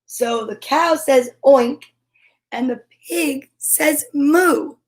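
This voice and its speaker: A woman reading picture books aloud to children from her home studio, playful and animated, doing animal sounds. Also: high voice, extremely slow. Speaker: children's story reader.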